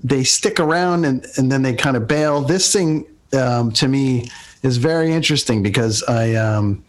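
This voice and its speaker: A man's voice: mid-range voice, normal speed. Podcast guest guy, asks long thoughtful questions, pretty laid back. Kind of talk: casual pop-culture chat.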